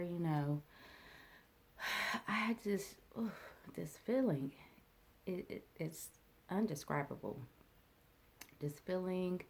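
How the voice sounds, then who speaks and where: A woman speaks slowly in a low, gravelly voice with a mellow, dark tone. She tells a personal story in a reflective, halting way, pausing on fillers and restarting her sentences. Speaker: vlogger.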